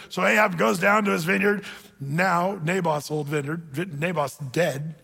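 A man preaching a sermon, retelling a Bible story with animated, joking storytelling. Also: sits high, unhurried, vocal fry, husky, in a large hall. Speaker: pastor.

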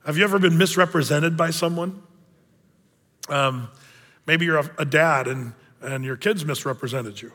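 A man's voice: fairly high pitch, moderate pace, pushed and bright, in a large hall. A man preaching a sermon as a pastor, in a conversational way with joking asides.

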